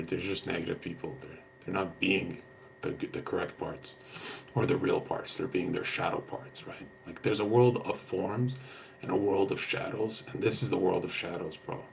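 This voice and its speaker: Gravelly-voiced young man, blunt slangy streamer. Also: low-pitched, a little hiss or hum. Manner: blunt, slangy, swears, says "bro" a lot. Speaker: livestreamer answering chat. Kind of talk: casual stream chat.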